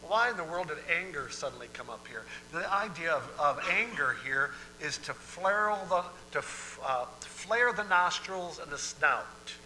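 A man preaching a sermon in a conversational style, moving between hushed and emphatic delivery and often repeating himself. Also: fairly high pitch, animated, unhurried, hardly any pauses, slight background noise, poor audio. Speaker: pastor.

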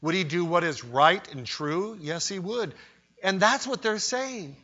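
A man preaching a sermon in an emphatic way, rising to loud cries when he voices quoted pleas. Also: high voice, animated, a little slow. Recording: dull lo-fi sermon recording.

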